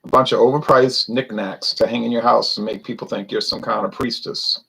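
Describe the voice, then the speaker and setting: Man from Louisiana with a gravelly voice and mid pitch, wry, rambling host chatting with viewers. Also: steady tone, a little fast, bright, forceful tone, rough recording. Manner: wry, rambling, self-correcting, talks to viewers. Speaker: beer reviewer. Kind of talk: casual solo livestream chat.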